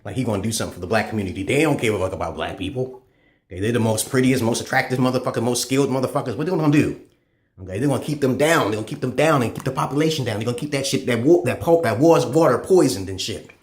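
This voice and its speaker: A man delivering a profane, rambling monologue as a channel host, swinging between loud high bursts and low mutters. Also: very fast. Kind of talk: ranting monologue. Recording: echoey room.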